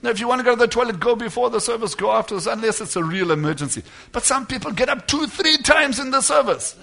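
Bright-voiced emphatic male preacher. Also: very high voice, expressive, fast talker, creaky. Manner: emphatic, rising to loud declarations and dropping to quiet asides. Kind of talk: sermon.

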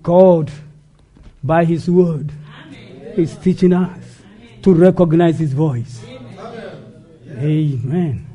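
A man preaching a sermon, asking rhetorical questions and answering them, sometimes shouting. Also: fairly high pitch, extremely slow, long pauses.

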